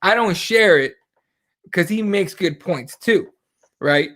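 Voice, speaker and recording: A man with a notably high speaking voice chats on a podcast. He swears freely and tells stories by playing out the back-and-forth in quotes. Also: takes it slowly. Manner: profane, animated storytelling with quoted exchanges. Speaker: podcast co-host. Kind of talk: casual podcast chat.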